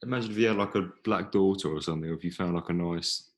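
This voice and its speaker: A man's voice: sits low, fast talker. A man in casual podcast chat, asking questions and using lots of fillers. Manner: chatty, asks questions, uses many fillers. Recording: echoey room.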